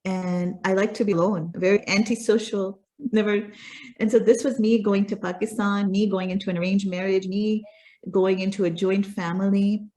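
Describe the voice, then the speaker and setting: A woman's voice: mid-range voice, steady tone, moderate pace, dark tone. A woman guest in an interview, telling her own story in an earnest way and repeating words for emphasis. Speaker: guest speaker. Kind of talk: personal storytelling in a conversation.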